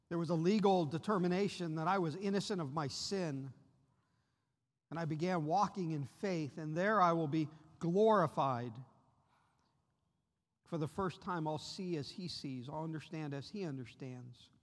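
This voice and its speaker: Guy preaching a sermon in a church, kinda high voice, earnest, lots of hall echo. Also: moderate pace. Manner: earnest, voice rises sharply when voicing the disciples' cries. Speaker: guest preacher. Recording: long reverb of a large hall.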